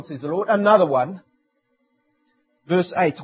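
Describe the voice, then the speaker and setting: A man preaching a sermon, rising into loud declarations and dropping to quiet, intense lines. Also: sits high, animated, moderate pace, breathy edge. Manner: dramatic preaching with sudden drops to near-quiet. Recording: dull lo-fi sound.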